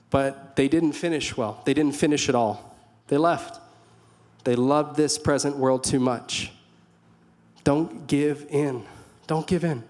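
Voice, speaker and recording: A young man preaching a sermon in a church hall, earnest and conversational, with storytelling asides. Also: mid-range voice. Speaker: pastor.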